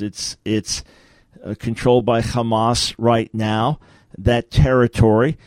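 A male radio host talking from his studio, with a dry, close sound and no room around the voice. He lectures emphatically and drives his points home with rhetorical questions. His pitch sits in an ordinary middle range. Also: dry recording. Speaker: radio talk show host. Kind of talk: radio talk show teaching.

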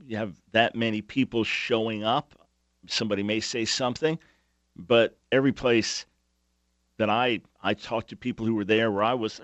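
A man's voice: medium pitch, dry recording. A man hosting a talk radio show, speaking emphatically with sarcastic asides.

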